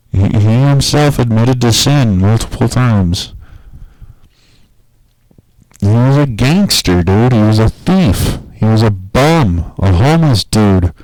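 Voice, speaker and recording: A man talking casually on a podcast in a rambling, profane, animated way. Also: lowish voice, dry recording, rough recording. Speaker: podcast host.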